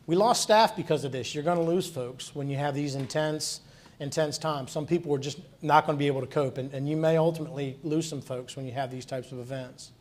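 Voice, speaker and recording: A man's voice: fairly high pitch, a little fast, darkish tone. A middle-aged man giving an earnest, conversational conference talk, telling stories from his hospital work. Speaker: hospital executive speaking at a conference.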